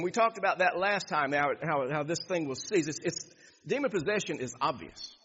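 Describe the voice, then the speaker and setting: Male pastor preaching, husky voice, repeats himself a lot, dull echoey hall sound. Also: sits high, big pitch swings, normal speed, a bit bright. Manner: preaching, expository, repeats phrases for emphasis. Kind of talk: sermon.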